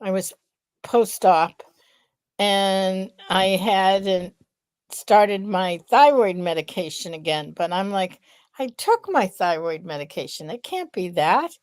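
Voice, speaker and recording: A middle-aged woman who speaks slowly and reflectively, thinking things through out loud. Her voice sounds dry and close, with no room around it. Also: medium pitch, animated, dry recording. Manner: slow, reflective, thinks aloud. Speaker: podcast co-host, researcher. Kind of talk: casual podcast chat.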